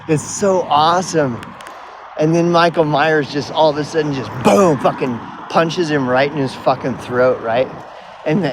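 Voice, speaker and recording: A man with an Oklahoman accent telling a profane, excitable, rambling story outdoors. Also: a little high, background noise. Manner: excitable, heavy swearing, rambling.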